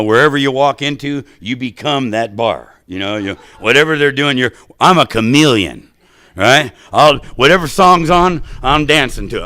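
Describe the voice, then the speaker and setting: A middle-aged man telling his life story to a recovery meeting, animated and drawing the listeners in with quick "right?" asides. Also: on the low side, no echo. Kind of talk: personal recovery story to an audience.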